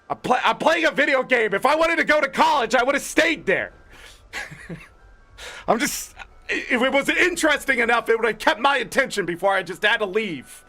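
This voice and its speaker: A man's voice: extremely high pitch, bright, forceful tone. A man hosting a gaming channel, ranting with exasperated profanity and rambling filler words. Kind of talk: ranting commentary.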